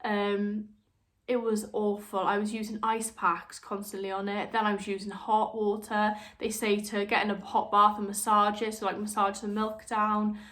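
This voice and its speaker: A woman's voice: medium pitch, level tone, moderate pace, fairly bright tone. A young woman talking frankly to camera as a vlogger, chatty and open, slipping into other voices when she quotes people. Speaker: vlogger, new mother. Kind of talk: candid personal chat to camera.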